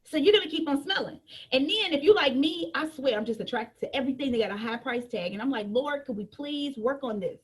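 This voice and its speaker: A woman's voice: sits high, quick pace, husky. A woman giving an emphatic, joking business training talk, repeating her points and preaching to her team.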